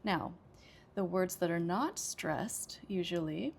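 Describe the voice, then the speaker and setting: A woman with an American accent gives an English lesson at a slow, careful pace, pausing often to check in with "okay". Her voice has a gravelly edge of vocal fry. Faint noise sits under the recording. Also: fairly low pitch, expressive. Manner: patient, explanatory, frequent "okay" and "uh". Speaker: ESL teacher.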